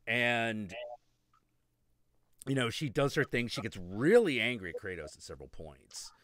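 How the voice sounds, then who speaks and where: A man's voice: medium pitch, sing-song, a little slow, a bit bright, no echo. A man in casual chat, animatedly retelling a video game story and acting out the characters, swearing freely.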